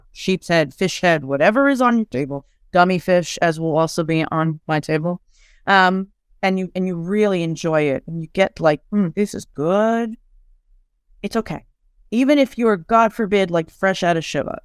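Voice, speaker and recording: A woman who is a clinical social worker, giving advice in a casual podcast chat, lively and full of restarts and acted-out asides. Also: fairly low pitch, smooth, no room sound, clean studio sound. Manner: warm, animated, many restarts and acted asides.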